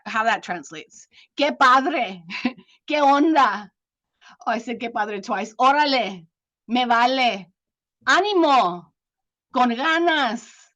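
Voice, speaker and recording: A woman's voice: sits high, a bit bright. A grandmother presenting to an online group over a video call, laughing often and mixing Spanish sayings into her talk. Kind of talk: online talk with a poem reading.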